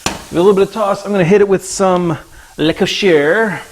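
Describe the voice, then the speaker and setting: Over the sizzle of a frying pan, a high-pitched man talks a little fast, with some slight background noise in the recording. He hosts a casual cooking stream from his kitchen at home, joking with chat and his pets as he goes.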